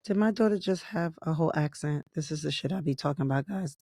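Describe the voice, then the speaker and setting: A woman's voice: deep voice, fast talker, warm tone, dry recording, clean studio sound. A middle-aged woman from New York co-hosting a podcast, speaking in an upbeat, encouraging, motivational way. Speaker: podcast co-host. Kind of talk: casual podcast chat.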